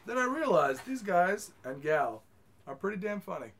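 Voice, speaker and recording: A man's voice: sits high, sing-song, moderate pace, gravelly, a bit bright. A man hosting a casual podcast, laughing often as he reads listener comments aloud. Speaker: podcast host.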